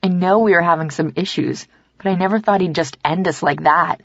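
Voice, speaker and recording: Woman, lowish voice, dry and slightly dull audio, first-person romance audiobook narrator. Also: fairly quick, dry recording. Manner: acts out dialogue, softer and lower for the male lover.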